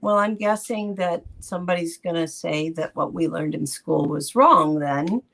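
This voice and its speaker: Husky gravelly woman reacting on a stream. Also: fairly low pitch, moderate pace, fairly bright tone. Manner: laughs easily, reacting. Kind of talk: casual live-stream chat.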